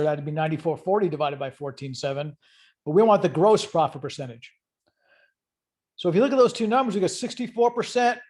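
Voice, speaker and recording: A man's voice: sits high, darkish tone. Conversational man teaching accounting online. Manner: explanatory, conversational, asks students questions. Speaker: accounting instructor. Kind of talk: online lecture.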